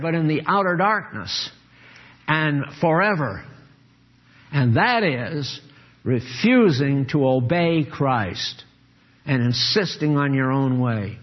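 An older man preaching a sermon, earnest and emphatic, dropping low and grave, then rising to exhort. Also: slightly rough, highs cut off.

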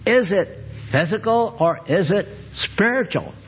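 A man's voice: sits high, lively intonation, a little slow, slight background noise. A man preaching a sermon and teaching from the Bible, often asking his listeners questions. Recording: dull lo-fi recording.

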